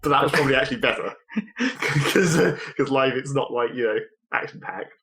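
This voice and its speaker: Man, bright sharp voice, dry wry podcast banter. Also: mid-range voice, expressive, brisk. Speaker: podcast co-host. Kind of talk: casual chat.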